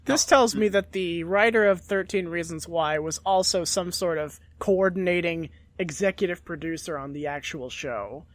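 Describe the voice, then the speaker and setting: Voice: medium pitch, moderate pace, hardly any pauses, dry recording. Reactive co-host, brief replies and laughs, dry recording. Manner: reactive, short responses and laughs. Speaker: podcast co-host. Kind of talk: casual chat.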